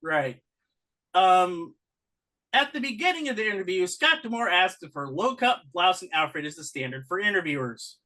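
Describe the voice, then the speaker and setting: A podcast co-host in a casual wrestling chat, wry and teasing in quick back-and-forth. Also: mid-range voice, very animated, pushed and bright.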